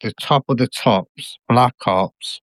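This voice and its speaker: A man's voice: medium pitch, slow pace, a bit bright, no echo. A man with a British accent calling into a show, mumbling and hard to follow. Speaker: caller. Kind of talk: call-in chat.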